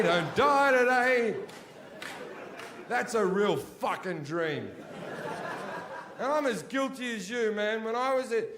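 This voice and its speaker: A male stand-up comedian performing in a large theatre, swinging between shouted rants and low mutters, with heavy swearing. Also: a little hiss or hum. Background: audience laughter.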